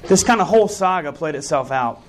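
A man preaches as a pastor, easing into personal stories in a conversational style. He leans into his points with earnest emphasis. His voice sits a touch high for a man. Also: lively intonation, a little fast. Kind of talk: sermon.

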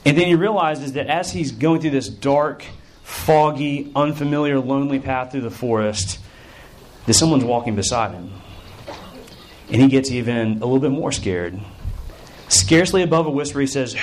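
A man's voice: medium pitch, a little hiss or hum. Earnest male pastor preaching. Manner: earnest, with drawn-out emphatic phrases. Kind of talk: sermon.

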